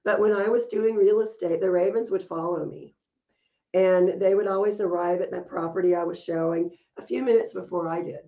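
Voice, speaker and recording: A woman's voice: on the low side, a little fast, mellow, highs cut off. A woman co-hosting a podcast, telling stories in casual chat and laughing often as she talks. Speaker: podcast co-host.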